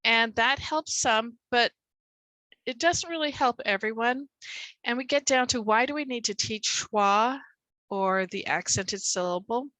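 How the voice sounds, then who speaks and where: A woman's voice: fairly high pitch, a little slow, pushed and bright, no room sound, rough recording. A woman tutor explaining how she teaches word stress, talking casually over a video call and acting out stressed words with extra punch. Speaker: reading and spelling tutor.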